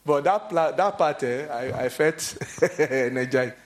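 A man preaching a sermon, telling stories animatedly and acting out the voices of the people he quotes. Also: measured pace. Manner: animated storytelling, acts out quoted voices in a high pitch.

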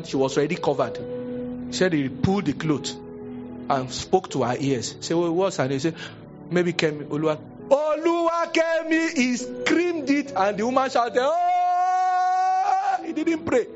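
A young Nigerian man preaching a sermon as pastor, telling a story with acted-out voices and sudden high exclamations. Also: dull audio. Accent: Nigerian, Yoruba-speaking. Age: young adult.

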